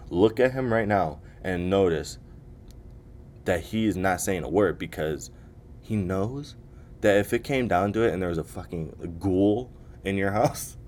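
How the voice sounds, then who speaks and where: Man, very deep voice, casual profane podcast monologue, faint low rumble. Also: darkish tone. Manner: casual, profane, jokey, slips into mocking impressions. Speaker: podcast host. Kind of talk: solo comedic podcast rant.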